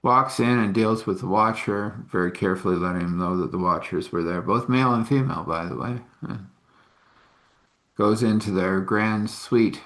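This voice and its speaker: A man's voice: fairly low pitch, moderate pace, a bit bright. A man casually telling a story, rambling with conversational asides.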